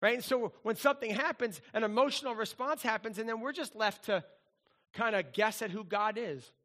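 Bright-voiced animated preacher man. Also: high voice, brisk. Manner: animated, conversational, acts out voices. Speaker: pastor. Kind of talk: sermon.

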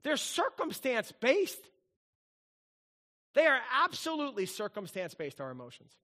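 Brief: middle-aged male pastor, high bright voice, animated, playful sermon delivery. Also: moderate pace. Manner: animated, playful storytelling with sung bits.

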